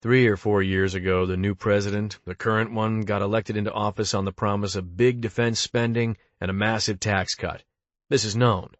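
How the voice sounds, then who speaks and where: A man with a lowish voice reads an audiobook in a deadpan, conversational way, as if talking straight to an interviewer. The sound is dry and close, with no room around it. The recording is dull and muffled. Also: moderate pace, no echo. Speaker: audiobook narrator. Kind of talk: audiobook reading of interview monologues.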